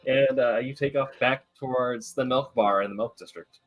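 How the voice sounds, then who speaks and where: A man narrating a tabletop game as game master, halting with many fillers. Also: mid-range voice, dull audio.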